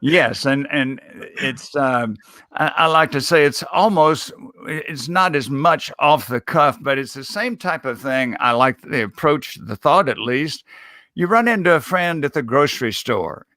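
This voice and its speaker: A man being interviewed as a speech coach, giving advice in a measured, emphatic coaching manner. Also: on the high side, animated, bright, forceful tone, no room sound, clean studio sound. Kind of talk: interview answers.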